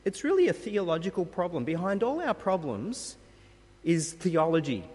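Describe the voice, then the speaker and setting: A man's voice: sits high, sing-song, moderate pace, darkish tone, husky, big-room sound. A man preaching a sermon as pastor, emphatic and full of rhetorical questions, calling his listeners friends.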